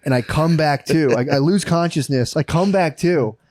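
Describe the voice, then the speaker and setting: A man's voice: fairly high pitch, moderate pace, a little mellow, no room sound, studio quality. A man co-hosting a comedy podcast in casual chat, rambling through long stories and saying "dude" constantly. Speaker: podcast co-host.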